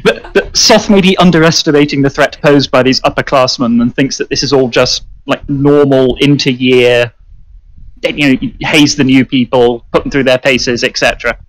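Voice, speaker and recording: A British man playing a tabletop game and describing his character's actions in a measured way. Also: medium pitch, steady tone, no room sound, rough recording. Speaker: player.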